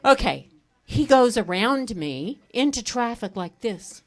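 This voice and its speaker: A middle-aged woman doing a stand-up comedy set on a stage, telling animated stories and breaking into laughter. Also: fairly high pitch, takes it slowly. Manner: animated storytelling with bursts of laughter. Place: comedy stage at a live fundraiser.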